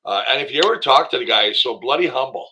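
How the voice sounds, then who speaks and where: A man's voice: mid-range voice, expressive, quick pace, pushed and bright, slight background noise, low-quality recording. A man talking football as a guest on a sports talk show, emphatic and enthusiastic, rambling with fillers. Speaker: guest, former football player and commentator.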